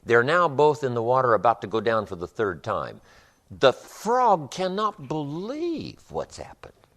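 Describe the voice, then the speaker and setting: A man's voice: mid-range voice, big pitch swings, normal speed, a bit bright. A man giving a live motivational seminar, speaking emphatically with rhythmic repetitions and storytelling. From United States.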